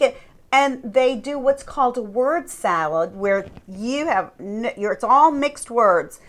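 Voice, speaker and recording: A woman's voice: a little high, slow pace. A woman coach speaking earnestly and emphatically, addressing her listeners directly as she teaches. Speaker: life coach.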